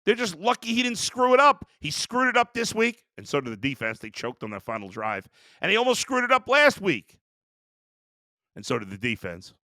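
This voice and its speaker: Heated high-voiced sports rant host. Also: male voice, huge pitch swings, normal speed, pushed and bright, no room sound, studio quality. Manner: heated, exasperated ranting.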